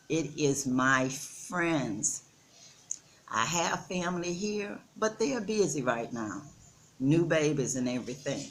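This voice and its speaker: A woman in her sixties from Texas, with a low voice and a Texan accent, talks earnestly and slowly to her viewers in a casual vlog, calling them y'all. She's filming outdoors in the Gambia, with slight background noise.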